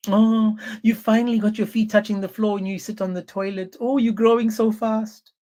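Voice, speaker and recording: A man's voice: high voice, little pitch movement, normal speed, warm tone, voice pushed up, lightly acted. A man voicing a domineering husband who talks in a taunting, sing-song way. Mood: mock-tender.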